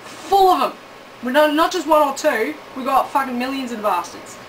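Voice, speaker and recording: A woman's voice: high voice, brisk, fairly bright tone, distant mic, a little hiss or hum, poor audio. A woman from Australia with an Australian accent, delivering a sweary, sarcastic comic monologue and correcting herself as she goes. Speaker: comic vlogger.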